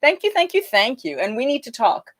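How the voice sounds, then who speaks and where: A woman with a slightly high voice sings cheeky folk ballads with a rollicking chorus, then drops into easy, chatty banter with her livestream viewers. She reads their comments aloud and thanks them between songs, like a renaissance faire performer entertaining from home. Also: sing-song, fairly quick, a bit bright.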